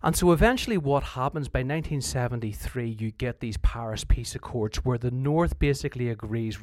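A man's voice: medium pitch, animated, a little fast, hardly any pauses, a little mellow, dry recording, clean studio sound. A man explaining history in an informal, conversational way, often restarting his sentences and acting out what leaders said. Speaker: history teacher.

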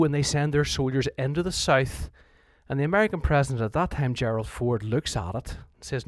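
With a slightly high voice, this history teacher talks briskly and hardly pauses, captured in studio quality without room sound. He keeps things informal, restarting sentences often and acting out what leaders said.

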